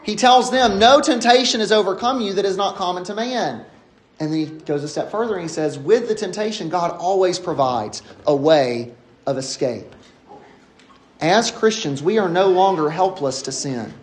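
A man with a high-pitched voice delivers an expository sermon. He preaches emphatically and slows down to stress the key phrases. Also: animated.

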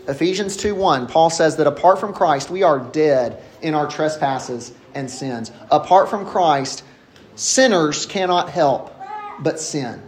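A man with a high-pitched voice delivers an expository sermon. He preaches emphatically and slows down to stress the key phrases. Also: animated, slight background noise.

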